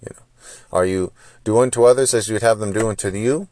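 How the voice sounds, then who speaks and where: A man with a very low voice, hosting his own podcast as a solo monologue. He lectures with frustration and fires off rhetorical questions. The sound is close and dry, with no room behind it. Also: a little fast, a little mellow, no echo. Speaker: podcast host.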